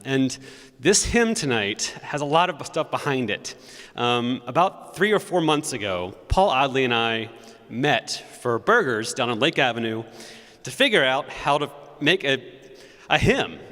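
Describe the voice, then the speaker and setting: In a large church sanctuary with long reverb, the church organist, a man with a mid-range, somewhat bright voice, introduces a new hymn at a concert. He tells its backstory to the congregation in a chatty way, singing note syllables to demonstrate.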